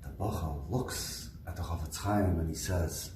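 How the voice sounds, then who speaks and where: A man, a rabbi, telling a story as a lecture in a slow, deliberate way that builds emphasis. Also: low-pitched, background noise. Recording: roomy sound from a distance.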